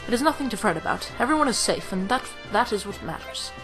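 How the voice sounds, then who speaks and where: A woman voicing a calm, serene male monk who speaks in a hushed, measured way. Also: medium pitch, over music, lightly acted.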